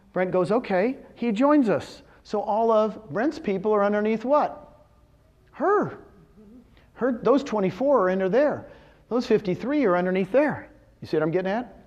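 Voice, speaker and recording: An energetic middle-aged man giving a motivational business talk, firing questions at the audience and answering them himself. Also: sits high, highs cut off. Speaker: real estate brokerage executive speaking at a company event.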